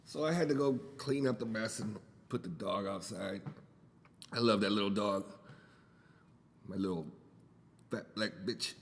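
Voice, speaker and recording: A man's voice: lowish voice, a little slow, pauses often, long reverb tail. A man whose first language is Spanish, hosting a podcast alone from home. He rambles loosely, swears freely and jokes as he talks. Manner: loose, profane, joking and rambling. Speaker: podcast host. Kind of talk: casual solo podcast monologue.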